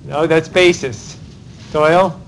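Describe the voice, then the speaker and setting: A high-voiced, gravelly male law professor runs a Socratic university lecture, rapidly cold-calling students by name and tacking on "right?" to drive points home. His intonation is fairly even, and the poor audio has a faint hiss.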